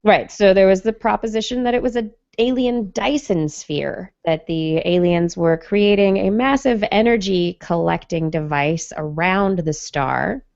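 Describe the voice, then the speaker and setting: Gravelly-voiced woman hosting a science podcast. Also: medium pitch, a little slow, hardly any pauses, a little mellow, no echo, lo-fi sound. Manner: chatty, jokey, reads news with asides. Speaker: podcast host. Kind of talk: casual science podcast chat.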